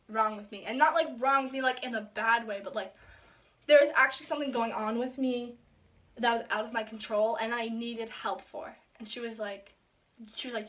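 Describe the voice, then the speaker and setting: A young woman telling a personal story in a casual vlog, full of fillers and quoted asides that often drop to a soft whisper. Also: on the high side, steady tone, fast talker. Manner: drops to soft whispers when quoting herself and others. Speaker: vlogger.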